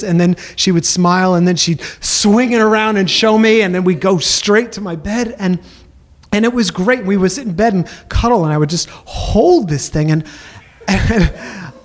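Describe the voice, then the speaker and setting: A man with a notably high-pitched voice spins a comic personal story for a live crowd. He rambles, stumbles over restarts and lands self-mocking punchlines.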